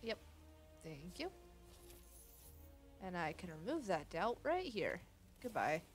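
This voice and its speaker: Slow, lively-pitched woman muttering over gameplay. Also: faint music behind. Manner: muttering, swearing at the game. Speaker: gaming channel host. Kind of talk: casual gameplay commentary.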